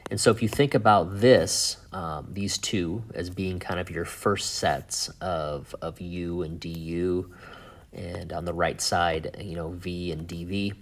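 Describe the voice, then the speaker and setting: A man teaching a math lesson in a relaxed, chatty way, thinking aloud with fillers and asides. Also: deep voice, takes it slowly. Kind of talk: casual whiteboard lesson.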